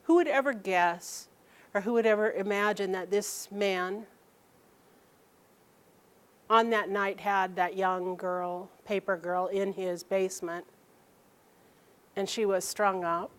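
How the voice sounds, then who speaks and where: A woman telling a personal story aloud, halting and restarting sentences and acting out the people she quotes. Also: on the low side.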